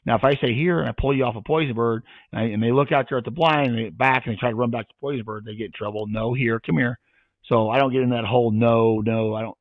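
Plain-spoken dog trainer on a tinny line. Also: male voice, mid-range voice, dry recording. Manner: plain-spoken, demonstrates commands aloud. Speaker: retriever trainer. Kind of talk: casual podcast Q&A. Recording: tinny phone-like sound.

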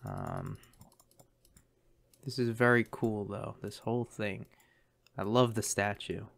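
A man's voice: fairly low pitch, wildly swooping pitch, slow pace, creaky. A man commentating a map guessing game, thinking aloud in a chatty way with lots of ums. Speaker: game streamer.

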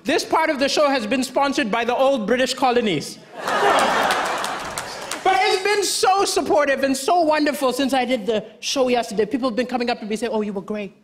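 A man's voice: extremely high pitch, fairly quick. A man from Malawi performing a stand-up comedy set on a large stage, with punchy, self-deprecating delivery. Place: large theatre stage before an audience. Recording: loud live audience and crowd noise.

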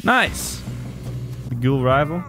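A man giving casual let's-play commentary, excitable, laughing often and exclaiming at the game. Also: medium pitch, slow pace, music in the background. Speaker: gaming video host.

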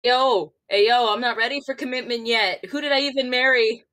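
A woman's voice: fairly high pitch, brisk, a bit bright. Giggly, playful woman player. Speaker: tabletop game player. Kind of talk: casual game chat.

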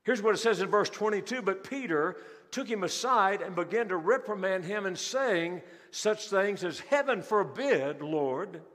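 In a large church sanctuary, a male pastor with a fairly high voice preaches at normal speed, animated and emphatic, acting out scenes from scripture. Long reverb trails after each of his phrases.

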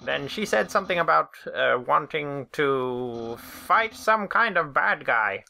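A woman voicing a loud, boastful male skeleton from a video game, reading his lines with brash bounce. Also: deep voice, expressive, slow, vocal fry, slight background noise, full character voice.

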